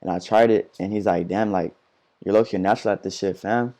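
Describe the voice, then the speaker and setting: This male teen speaks with a lowish, steady, brisk voice that's slightly mellow. He's a rapper guesting on a relaxed interview, spinning a story full of slang, swearing, fillers and false starts.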